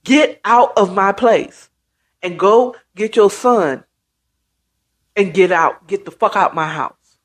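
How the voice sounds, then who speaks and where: A woman's voice: medium pitch, slow, long pauses. A woman retelling a story and voicing a betrayed young woman who curses and confronts her friend. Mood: furious. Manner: harsh, confrontational.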